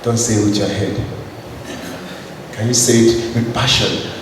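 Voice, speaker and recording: A man's voice: on the low side, steady tone, unhurried. A man from Nigeria, a Catholic priest, giving a spiritual talk to a gathering, telling a story and leading the audience in call and response. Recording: echoey hall, voice from far off, noisy.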